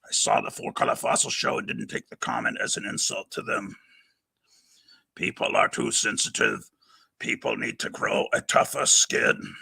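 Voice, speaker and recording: Man putting on a deep sinister horror villain, attempted british accent, breathy half-whisper, gravelly edge, dry sound. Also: huge pitch swings, normal speed, pushed and bright, dry recording, heavily acted. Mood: menacing.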